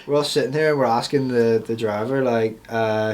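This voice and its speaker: A man talking as a podcast guest in casual chat, laughing often as he tells quick anecdotes. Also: medium pitch, fairly even intonation, darkish tone.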